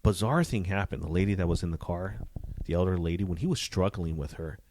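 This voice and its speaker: A man, a former police detective, telling profane, animated stories from his career in a casual interview. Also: sits low, quick pace, a little hiss or hum. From Southern California. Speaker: retired police detective, guest.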